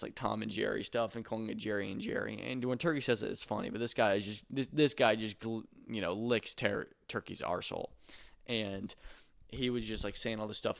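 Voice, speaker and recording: Gravelly guy chatting fight news. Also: on the low side. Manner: loose and opinionated, swears casually. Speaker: podcast host. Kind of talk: casual chat about combat sports news.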